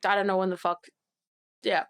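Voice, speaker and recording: A woman's voice: medium pitch, little pitch movement, fairly quick, clear, resonant tone. Laughing Australian woman telling stories. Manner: laughing storyteller, teasing and blunt. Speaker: podcast co-host. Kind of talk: casual chat.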